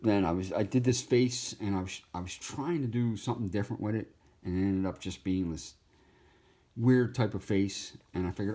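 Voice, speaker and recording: Easygoing low-voiced man touring his sketchbook. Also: moderate pace, dark tone. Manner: easygoing, laughs, jumps into goofy voices. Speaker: artist showing his sketchbook. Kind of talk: casual sketchbook tour.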